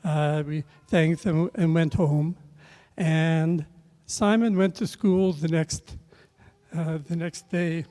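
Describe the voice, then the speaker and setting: Older guy telling a halting story, slow and mellow, echoey hall. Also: fairly high pitch, steady tone. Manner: halting, many filler pauses and restarts. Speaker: speaker sharing a memory at a memorial. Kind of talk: rambling personal anecdote. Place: event room at a memorial service. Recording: long reverb of a large hall.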